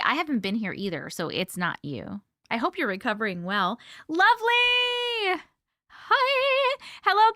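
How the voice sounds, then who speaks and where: Bubbly high-voiced woman hosting a live chat. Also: pushed and bright, no room sound, studio quality. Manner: bubbly, sing-song greetings; chatty and giggly. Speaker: live stream host. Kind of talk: casual live chat greeting viewers.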